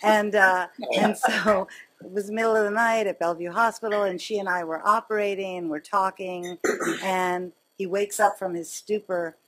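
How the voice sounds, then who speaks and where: A woman surgeon giving a lecture, telling personal stories in a conversational, animated way. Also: medium pitch, normal speed, rough recording. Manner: conversational, animated storytelling with laughs. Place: lecture hall.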